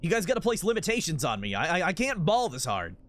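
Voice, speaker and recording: A young man in his twenties with a high voice that leaps all over the place as he streams a game. He rambles through silly bits and keeps breaking into giggles. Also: wildly swooping pitch, quick pace, a bit bright. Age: 20s. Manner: giggly, rambling, laughs constantly. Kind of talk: casual gameplay commentary.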